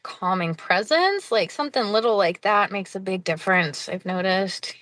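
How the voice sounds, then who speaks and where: A woman's voice: medium pitch, lively intonation, normal speed, a bit bright, no echo. A woman who hosts a podcast and works as a hospice nurse, chatting casually and laughing often. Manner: chatty, with frequent laughs and fillers. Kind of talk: casual interview chat.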